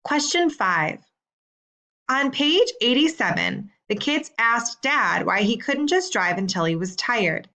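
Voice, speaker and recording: A woman teacher reading out homework questions in a slow, clear, deliberate way. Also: on the high side, very animated, pushed and bright. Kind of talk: recorded assignment instructions.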